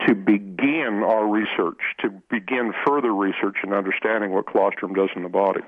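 A man's voice: on the low side, fairly even intonation, a little fast. A man telling a long story as a guest in an interview, often repeating words and restarting his sentences. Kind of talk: storytelling in conversation. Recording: muffled dry radio recording.

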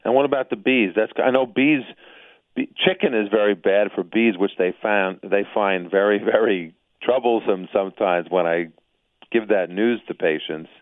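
A man's voice: on the low side, normal speed, no echo. A man hosting an interview, a doctor who asks loose, musing questions. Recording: dry, phone-like line.

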